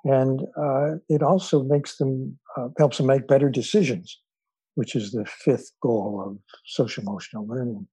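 Husky, mellow-voiced man telling stories. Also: medium pitch, steady tone, no room sound, low-quality recording. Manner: thoughtful, unhurried, with frequent filler pauses. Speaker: interview guest, psychologist and author. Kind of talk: relaxed storytelling in conversation.

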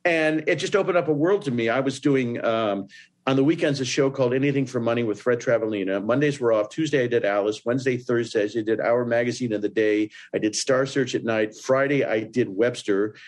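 A man from Indiana, a guest in an interview, telling stories in a lively way and jumping into other people's voices. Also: a little fast. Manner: animated, breaks into voices with big jumps up in pitch. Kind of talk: storytelling in an interview.

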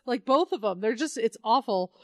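A woman's voice: a little high, lively intonation, moderate pace, a little mellow, no room sound, clean studio sound. A woman co-hosting a podcast, chatting casually about a comic book, sarcastic and laughing often as she acts out the characters. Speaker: podcast co-host.

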